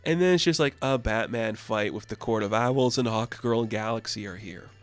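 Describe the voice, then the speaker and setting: A man giving a loose, joking recap of a comic book, tossing off quick asides. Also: on the low side, smooth, soft background music. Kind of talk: casual comic review.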